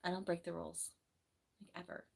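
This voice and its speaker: A woman's voice: on the low side, level tone, brisk, gravelly, a little mellow. Chatty young woman from New Jersey. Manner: rambling, chatty, reads viewer comments aloud. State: slightly hoarse from the flu. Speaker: nurse and livestream host. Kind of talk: casual livestream chat. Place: bedroom at home.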